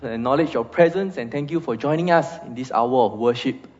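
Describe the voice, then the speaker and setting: A man's voice: medium pitch, a little fast, a little mellow. A man preaching a sermon as pastor, emphatic, reading scripture and leading prayer in a church. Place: church sanctuary. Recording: muffled sound in a reverberant church hall.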